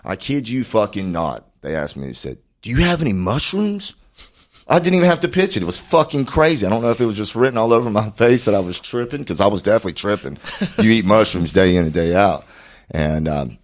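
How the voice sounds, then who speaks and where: A man's voice: on the low side, expressive, quick pace. A man from Florida, telling a long story in casual, profane, rambling podcast chat. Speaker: podcast guest.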